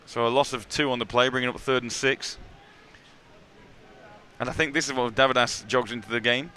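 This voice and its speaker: Bright-voiced play-by-play man. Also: mid-range voice, smooth. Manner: brisk, excitable at big plays. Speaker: play-by-play commentator. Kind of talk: live sports commentary.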